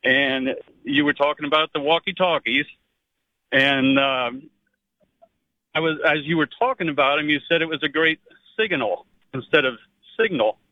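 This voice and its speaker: A friendly, slightly hesitant man from Pennsylvania calls in to a radio talk show. His voice sits a bit high and comes through a muffled phone line. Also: normal speed, long pauses, no echo. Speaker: caller.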